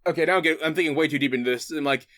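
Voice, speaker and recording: A man's voice: a little high, rapid-fire, pushed and bright. A man co-hosting a comedy podcast, rambling and restarting as he overthinks jokes. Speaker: podcast co-host. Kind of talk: comedic banter.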